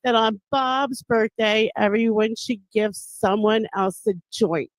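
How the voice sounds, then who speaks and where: A high-voiced woman from Delaware chatting on a podcast, earnest and insistent as she keeps coming back to her point. The sound is close and dry. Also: fairly even intonation, slow, no echo, poor audio. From Wilmington, Delaware, US. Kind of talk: casual podcast chat.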